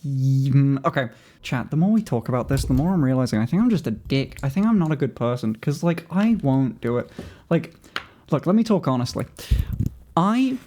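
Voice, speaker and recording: A man's voice: medium pitch, very animated, moderate pace, mellow. A young British man livestreaming, chatting in a candid, self-deprecating way that rambles and restarts. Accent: British English. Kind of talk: casual livestream chat.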